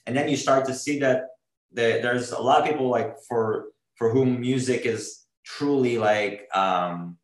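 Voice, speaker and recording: A drummer being interviewed speaks in a mid-range, unhurried voice, talking earnestly and rambling with many fillers and restarts as he hunts for words. It's casual interview talk, and the recording is reverberant with poor audio.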